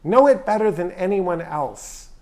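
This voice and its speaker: A man's voice: high voice, expressive, a little slow, a little mellow. A middle-aged man speaking at an event in a hangar, telling a folksy, emphatic story in a drawling manner. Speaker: guest speaker. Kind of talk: storytelling talk.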